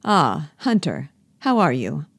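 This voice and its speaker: Prim gentle old-school schoolmaster, read by a woman. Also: sits low, big pitch swings, slow, vocal fry, husky, dry recording, heavily acted. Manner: gentle, formal, precise. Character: middle-aged schoolmaster, prim, gentle, complacent. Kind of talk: play reading.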